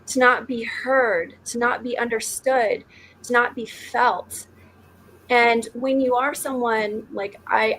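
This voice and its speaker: A woman's voice: fairly high pitch, slight background noise, rough recording. A woman panelist who works as an intuitive healer, speaking in a flowing, earnest way with spiritual phrasing. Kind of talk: reflective podcast discussion.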